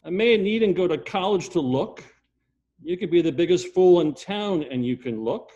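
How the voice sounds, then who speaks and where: An older man preaching a sermon and telling a story, with emphatic repetition, swinging from loud passages to hushed ones. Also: high-pitched, animated, normal speed, lo-fi sound.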